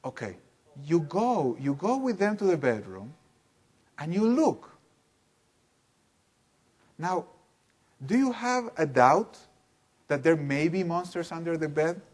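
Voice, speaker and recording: A man leading a live seminar in a room with an audience, talking in an animated, emphatic way and putting questions to the listeners. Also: fairly high pitch, slow, pauses often. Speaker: workshop teacher.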